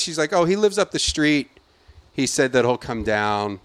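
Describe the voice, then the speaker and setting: A man on a podcast tells a rant in a loose, cursing, animated way, acting out each voice. His pitch sits in the middle range. The sound is dry and close, with no room echo. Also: normal speed. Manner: profane, animated storyteller who acts out quotes. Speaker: podcast host. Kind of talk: casual ranting story.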